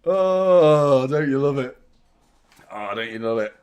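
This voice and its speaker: Excitable football fan. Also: male voice, mid-range voice, moderate pace. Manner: excitable, swearing, chanting along. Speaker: fan channel host. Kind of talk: live football watchalong commentary.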